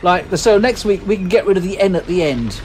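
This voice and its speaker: A man's voice: high voice, expressive, a little fast, slight background noise, poor audio. A man co-hosting a podcast in casual chat, rambling and self-deprecating, with lots of fillers and restarts. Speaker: podcast co-host.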